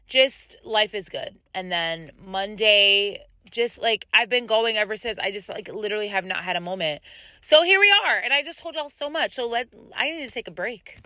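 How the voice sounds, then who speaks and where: Bright, chatty woman podcast host. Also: mid-range voice, moderate pace, dry recording. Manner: animated, chatty, lots of "like" and asides to listeners. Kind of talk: casual storytelling chat.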